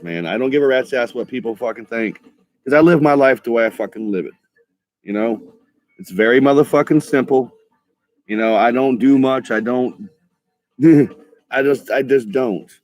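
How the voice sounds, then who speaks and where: A man's voice: medium pitch, darkish tone, no echo. A man ranting in a heated, profane monologue for his vlog, often stumbling over his words and restarting, with a laid-back stoner drawl. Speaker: vlogger.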